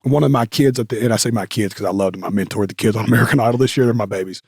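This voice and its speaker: The guest's voice is gravelly, slightly rough and a little mellow, fairly low in pitch, and very fast. He tells stories in a casual interview, rambling with lots of fillers, restarts and self-corrections. No echo, clean studio sound.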